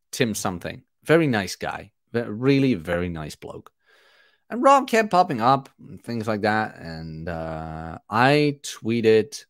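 A man with a lowish voice hosts a casual livestream podcast, rambling as he reads and responds to chat comments. The recording is studio quality with no echo.

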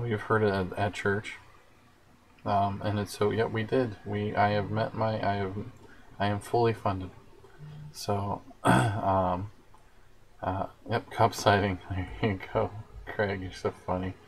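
A man's voice: fairly low pitch, slight background noise, rough recording. A man hosting a casual livestream, chatting in a rambling way and answering viewer comments as they come in. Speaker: livestream host.

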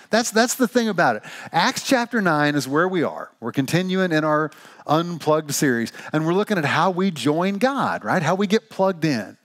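A man from Missouri preaching a sermon, telling a joke story with an animated, playful manner. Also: a little high. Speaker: pastor.

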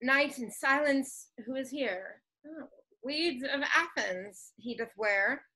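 A woman's voice: high-pitched, expressive, slow, pushed and bright, exaggerated voice, rough recording. A woman playing a mischievous fairy servant, reading Shakespeare verse lightly over a video call.

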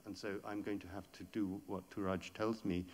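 A man's voice: lowish voice, flat delivery, normal speed. A man lecturing on poetry, explaining passages step by step and reading verse aloud with rising force.

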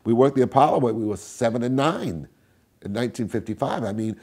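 Older male interviewee, husky and warm-toned, animated storyteller. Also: quick pace. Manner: animated storyteller, acts out quotes with big swings in pitch and volume. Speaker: interviewee, tap dancer.

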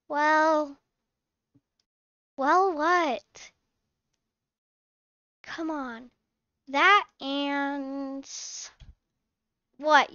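A woman with a high, bright voice talks slowly and plays a fussing, scolding mom. The sound is dry and somewhat dull, like a lo-fi home recording. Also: dry recording. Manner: chatty, mothering, scolding. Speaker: channel host playing a mom. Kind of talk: casual game role-play narration.

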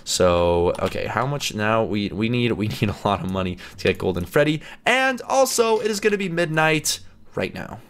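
A man giving excitable let's play commentary as a gaming YouTuber, chatty and laughing often as he plays. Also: on the low side, moderate pace.

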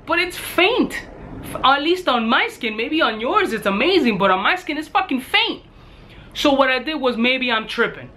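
Profane, animated man reviewing a perfume. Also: very high-pitched, normal speed, a little hiss or hum. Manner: blunt, animated, swears constantly. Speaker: fragrance reviewer. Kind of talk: casual profane review vlog.

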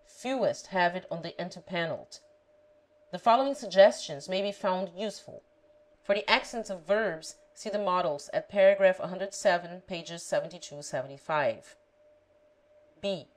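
A woman reading a grammar lesson aloud, pronouncing example words carefully and deliberately. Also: lowish voice, poor audio. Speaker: language teacher.

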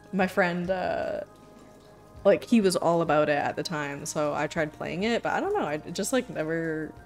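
A young woman streaming a game, chatting casually in a giggly, flustered way, full of likes. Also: low-pitched. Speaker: variety streamer.

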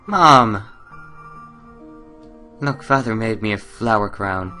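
Cheerful loving young girl, read by a man; sweet and eager, slow and bright, faint music under. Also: lowish voice, animated, full character voice.

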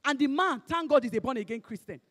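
A woman with a Nigerian accent preaching a sermon, emphatic and fervent, swinging between shouted exhortation and hushed asides, slipping into Pidgin phrases. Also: sits high, animated, quick pace, long reverb tail.

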